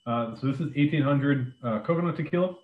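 A man leading a live online drink-making class, explaining ingredients in a relaxed way with lots of ums and uhs. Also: medium pitch, a little fast. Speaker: beverages director teaching a cocktail class. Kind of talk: live online cooking demonstration. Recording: echoey room over a phone-like line.

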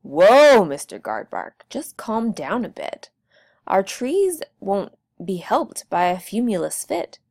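Easygoing logger guy from a storybook, slow and patient, a woman reading him. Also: mid-range voice, big pitch swings, darkish tone, exaggerated voice. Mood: explaining. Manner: patient, soothing. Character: calm friendly male logger.

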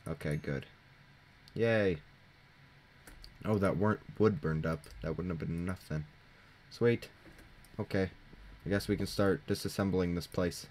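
Into a desk microphone, a teen boy narrates his own gameplay in a chatty, jokey way, poking fun at himself and thinking out loud. His voice is low-pitched and measured, with long pauses and slight background noise.

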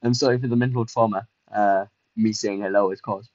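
A man's voice: fairly low pitch, brisk, no echo, highs cut off. Chatty young man streaming a game. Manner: chatty, self-mocking, excitable, lots of fillers. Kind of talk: casual livestream gameplay commentary.

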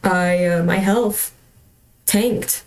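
A woman's voice: lowish voice, fairly even intonation, very slow, rough recording. A young woman streaming a video game from home, talking casually with lots of fillers and restarts and often apologizing with a laugh. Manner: rambling, chatty, many fillers and restarts. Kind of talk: casual livestream chat while gaming.

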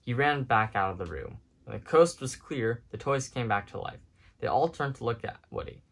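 Animated man reading a children's storybook. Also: mid-range voice, moderate pace, creaky. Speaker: storybook reader. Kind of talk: children's storybook read-aloud.

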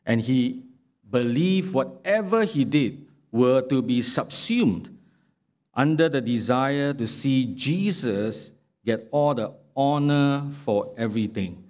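A man preaching a sermon in a church, speaking in a slow, measured way and reading scripture aloud with sarcastic emphasis. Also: mid-range voice, animated, a little mellow. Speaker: pastor. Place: church sanctuary.

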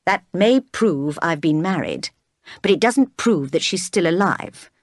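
A woman reading aloud as a stern, brooding middle-aged gentleman who speaks in a growling, commanding way. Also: fairly low pitch, animated, measured pace, dry recording, studio quality.

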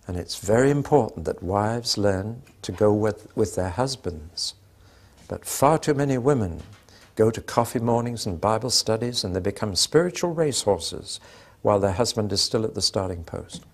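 A man's voice: lowish voice, expressive, moderate pace. An older man preaching a sermon, telling anecdotes with dry humour and acting out the dialogue.

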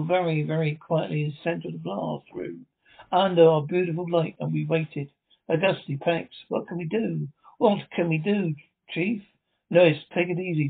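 A man's voice: fairly high pitch, creaky, breathy edge. A man reading a radio drama script aloud, stage directions included, stumbling now and then. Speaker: script reader. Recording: tinny phone-like sound.

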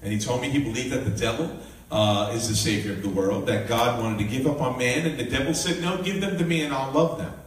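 Animated minister preaching in an echoey room. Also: male voice, medium pitch, fairly quick, hardly any pauses. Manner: lively storytelling, animated voices for quotes. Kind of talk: sermon with personal story. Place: live church gathering. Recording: echoey room, mic at a distance, faint noise.

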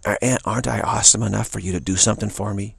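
A man's voice: fairly low pitch, fairly even intonation, very fast, vocal fry. A man voicing a woman who nags her partner, pestering and demanding.

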